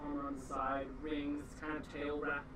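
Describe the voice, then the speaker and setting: A man's voice: on the high side, completely flat delivery, normal speed. A man narrating as game master in a casual tabletop session, with loose phrasing and frequent restarts. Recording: echoey room, distant mic, faint hiss.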